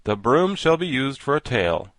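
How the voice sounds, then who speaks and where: A man voicing a practical tin man in a storybook reading, calm, with a measured, matter-of-fact manner. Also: mid-range voice, no room sound. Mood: decisive.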